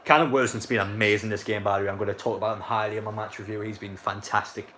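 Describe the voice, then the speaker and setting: A man's voice: fairly low pitch, fairly even intonation, quick pace, bright, forceful tone, a little hiss or hum. A young man, casually commentating a football match live and chatting to viewers in a rambling way. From North East England. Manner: rambling, filler-heavy, reacts to chat.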